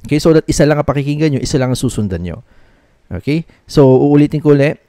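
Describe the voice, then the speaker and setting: Filipino man teaching, mellow and dry. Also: fairly high pitch, lively intonation, rapid-fire, no echo. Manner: switches between English and Tagalog; repeats checks like "okay?" often. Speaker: language teacher. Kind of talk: casual video lesson.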